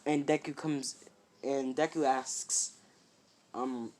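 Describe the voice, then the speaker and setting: A man's voice: mid-range voice, steady tone, slow, darkish tone. A man casually retelling a fan-made story, rambling with many fillers and "he's like" asides.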